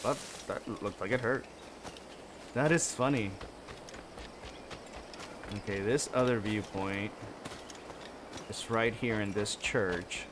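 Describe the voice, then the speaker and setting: A man hosting a casual gaming playthrough, chatting as he plays and breaking into sudden high yelps. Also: slight background noise. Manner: chatty, animated, bursts into high yelps and shouts. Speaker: gaming channel host. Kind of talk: casual let's-play commentary.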